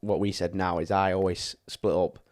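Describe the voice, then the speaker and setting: Low-voiced man talking fitness coaching. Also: level tone, moderate pace, a little mellow. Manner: explains coaching advice at length, with filler words. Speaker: fitness coach and podcast co-host. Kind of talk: casual podcast chat.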